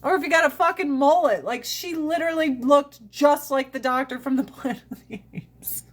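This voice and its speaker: Woman, casual livestream host on a phone, blunt, profane and animated. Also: high voice, moderate pace.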